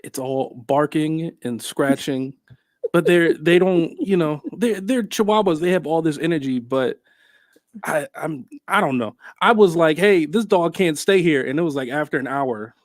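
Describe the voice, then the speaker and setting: A man's voice: fairly high pitch, moderate pace, no echo, studio quality. A man co-hosting a radio talk show, chatting in an easygoing, hesitant way. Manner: easygoing, hesitant, many fillers and restarts. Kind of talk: casual radio chat. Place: radio studio.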